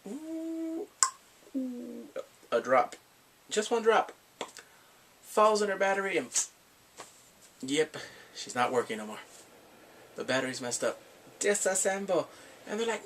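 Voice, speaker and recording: A man giving a casual, animated recap of a drama, acting out the characters' lines in sudden squeals. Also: a little high, slight background noise. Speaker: drama reviewer.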